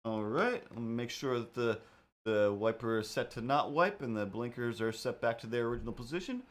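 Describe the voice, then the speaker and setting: A man voicing a young man quietly muttering to himself while stalling in his car. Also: mid-range voice, a little fast, natural voice.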